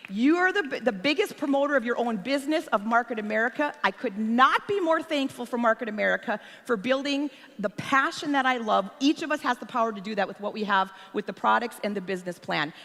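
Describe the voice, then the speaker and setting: A woman giving an animated motivational talk at a convention, telling stories and acting out quotes. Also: on the high side, a little fast, few pauses. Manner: animated storytelling, acts out quotes. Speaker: conference speaker. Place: large convention hall. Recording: long hall reverb.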